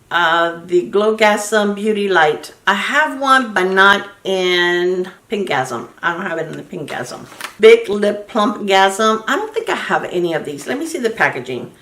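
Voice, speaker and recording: A woman's voice: mid-range voice, a bit bright. A woman in her sixties chatting enthusiastically as a beauty vlogger unboxing products in a casual, gushing way. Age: 60s. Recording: roomy echo, distant mic, faint noise.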